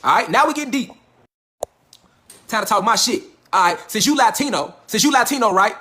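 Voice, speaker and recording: Fast-talking, high-voiced man lecturing. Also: lively intonation, pushed and bright, slightly rough. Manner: preachy, repetitive, profane, quizzes listeners. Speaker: online lecturer. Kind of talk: livestream lecture reading from the web.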